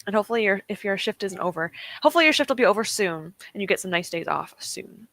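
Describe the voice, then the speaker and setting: A woman's voice: medium pitch, lively intonation, fast talker, a bit bright. A young woman hosting a reading stream from her desk, chatting casually with her viewers and laughing often. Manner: chatty and giggly, often laughs and reacts to chat. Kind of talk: casual chat with live chat. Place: home desk.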